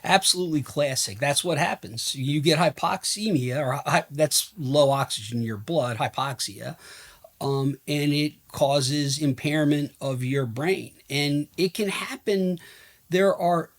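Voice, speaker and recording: A man appearing as a physician guest, explaining things in a measured way with occasional fillers. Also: fairly high pitch. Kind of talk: explanatory interview answers.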